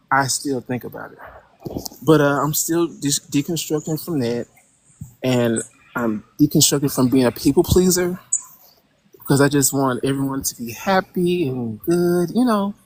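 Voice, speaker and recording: A caller on a call-in show who talks casually and hesitantly, with many fillers, searching for words and growing animated when incredulous. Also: mid-range voice.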